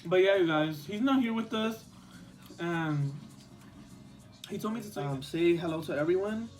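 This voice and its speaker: A man's voice: sits high, expressive, normal speed, a little mellow, soft background music. A young man telling a storytime vlog story in casual chat, rambling with lots of fillers and a few Spanish words. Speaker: vlogger.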